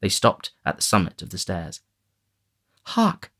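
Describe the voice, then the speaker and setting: A man reading a classic novel aloud as audiobook narrator, even and unhurried. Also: deep voice. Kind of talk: scripted narration.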